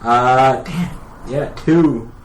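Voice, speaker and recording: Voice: mid-range voice, very slow. A player in a tabletop game, grumbling and wry. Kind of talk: casual tabletop play. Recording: echoey room with clear background noise.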